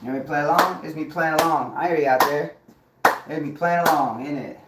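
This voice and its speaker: A man's voice: a little high, a little fast. A man hosting a livestream, chanting rhythmic nonsense words and ranting at his viewers in a profane, confrontational way. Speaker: livestream host. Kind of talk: rambling livestream monologue. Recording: roomy echo with clear background noise.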